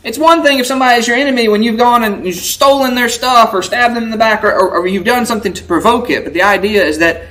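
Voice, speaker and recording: Bright-voiced preacher painting pictures. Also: male voice, very high-pitched, fast talker, hardly any pauses, rough recording. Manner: rhetorical questions to the listeners, vivid word pictures; dramatic, rising emphasis when quoting the verses. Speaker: pastor. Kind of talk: expository sermon.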